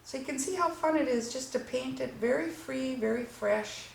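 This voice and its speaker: A woman's voice: sits high, normal speed, gravelly. Chatty woman painting watercolors n explaining as she goes, roomy echo, faint hiss. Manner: enthusiastic, chatty while working. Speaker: watercolor instructor. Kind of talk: painting demonstration. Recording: echoey room with faint noise.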